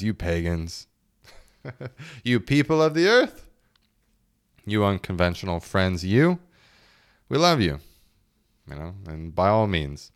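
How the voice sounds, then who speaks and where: A man in his late twenties talks through a casual solo podcast with a low, deep voice that stays smooth and resonant. He rambles from one joke to the next, swears freely and laughs often between thoughts. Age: late 20s. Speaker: podcast host.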